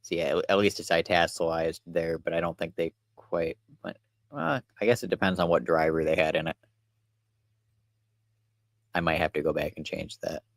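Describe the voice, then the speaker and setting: Young male streamer, lowish voice, loose rambling chat with viewers, relaxed and offhand. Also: normal speed, gravelly, no room sound, clean studio sound. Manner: relaxed, rambling, talks to chat while working. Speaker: livestreamer. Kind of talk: casual livestream commentary.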